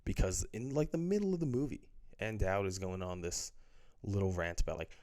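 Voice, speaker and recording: Male movie reviewer, low voice, casual and profane, loose and filler-heavy. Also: a little fast, a little mellow. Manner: blunt, profane, full of fillers. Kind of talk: casual ranting film review.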